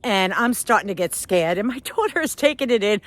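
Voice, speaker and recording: A middle-aged woman vlogger telling a story on a walk outdoors, animated and self-mocking, laughing often. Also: mid-range voice, brisk, no room sound.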